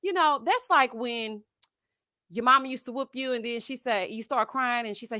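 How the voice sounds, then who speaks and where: A woman's voice: fairly high pitch, moderate pace, no echo, clean studio sound. A woman hosting a live stream, chatting casually and sassily with her viewers, calling them honey and laughing at her own jokes. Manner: sassy and expressive, addressing viewers as honey and y'all. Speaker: host of a live reality-TV review stream.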